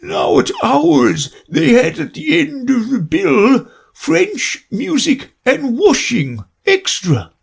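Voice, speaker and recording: A man voicing the Mock Turtle as a sobbing, melancholy old creature in a storybook reading, with a slow, high, tearful wail. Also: wildly swooping pitch, vocal fry, slightly rough, heavily acted.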